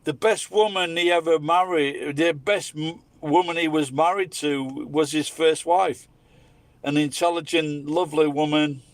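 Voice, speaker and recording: A Scottish man with a fairly high-pitched voice rants bluntly and profanely in a casual monologue. The sound is dry and close, with no room echo around him. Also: steady tone, a little slow. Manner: blunt, heavily profane, opinionated. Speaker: vlogger.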